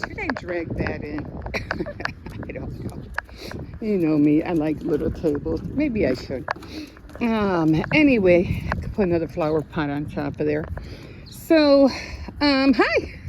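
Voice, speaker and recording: An older woman vlogging in a casual, rambling way, telling stories and often laughing. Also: medium pitch. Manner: chatty storyteller who laughs often. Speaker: craft vlogger. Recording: dull lo-fi sound with steady noise.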